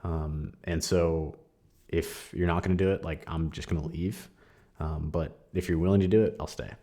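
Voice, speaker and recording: A young man hosting a podcast, sharing a candid personal testimony in a casual, conversational way with frequent fillers and soft laughs. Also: extremely low pitch, fairly even intonation, moderate pace. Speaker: podcast host.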